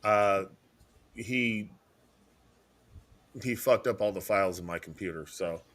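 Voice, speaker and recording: A man's voice: fairly low pitch, slow pace, a bit bright. A man in his fifties co-hosting a casual comedy show, often stammering and restarting his sentences. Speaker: co-host.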